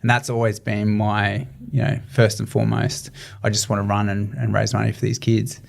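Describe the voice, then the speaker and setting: Man, Australian accent, gravelly voice, casual interview guest, earnest, lots of "you know". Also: fairly low pitch, flat delivery, normal speed. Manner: earnest, rambling, many fillers and restarts. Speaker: guest, ultramarathon runner.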